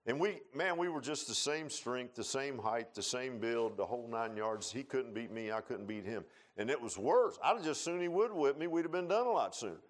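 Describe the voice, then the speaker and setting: A man's voice: mid-range voice, animated, normal speed, few pauses. Folksy preacher man. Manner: folksy preaching, rising to shouted emphasis. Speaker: pastor. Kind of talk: sermon.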